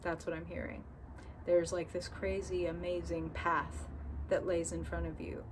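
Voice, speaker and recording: A woman's voice: on the low side, little pitch movement, unhurried, background noise. Chatty woman reading tarot, swearing freely. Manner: chatty, candid, swears freely, acts out inner voices. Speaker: tarot reader. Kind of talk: casual tarot reading to camera.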